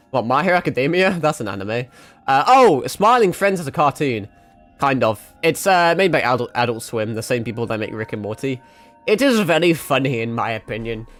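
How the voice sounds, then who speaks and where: A man's voice: medium pitch, a bit bright. Crude, rambling young man streaming a game. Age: 20s. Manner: crude, rambling and self-mocking, swears a lot. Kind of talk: casual live-stream chat.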